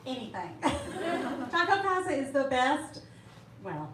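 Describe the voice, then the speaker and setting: A woman's voice: high-pitched, big pitch swings, takes it slowly, fairly bright tone, some chatter behind. A middle-aged woman from Alabama, an author answering audience questions with chatty, laugh-filled stories. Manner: chatty, laughing often, storytelling. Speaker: author at a book event. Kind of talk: casual Q&A answers. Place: bookstore event room. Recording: roomy room, distant mic, faint hiss.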